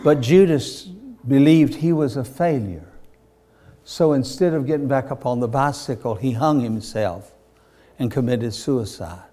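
A man preaching a sermon with fervent, building delivery and loud bursts on quoted lines. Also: medium pitch, measured pace. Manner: fervent, rising to shouts on acted quotes.

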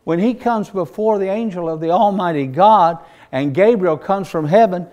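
A man preaching a sermon in a folksy storytelling style, swinging from hushed narration to loud exclamations. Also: high-pitched, moderate pace, few pauses, a little hiss or hum. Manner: folksy, homespun phrasing.

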